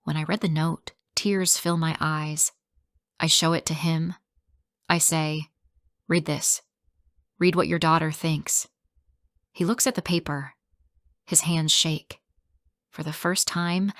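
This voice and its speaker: A woman reading a first-person family story for English learners, clear and emotional, rising to shouts in quarrels. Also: low voice, fairly even intonation, unhurried, no room sound, clean studio sound.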